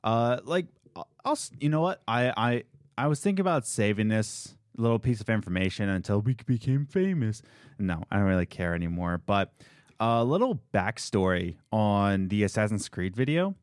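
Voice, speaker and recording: A young man co-hosting a podcast, telling stories in a rambling, animated way with frequent restarts. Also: fairly low pitch, normal speed, dry recording, studio quality. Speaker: podcast co-host. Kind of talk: casual chat.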